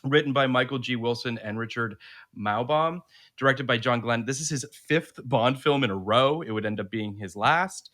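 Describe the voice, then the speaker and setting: A man's voice: medium pitch, normal speed, a bit bright. A man co-hosting a casual film podcast, laughing often and reading out a synopsis. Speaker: podcast co-host.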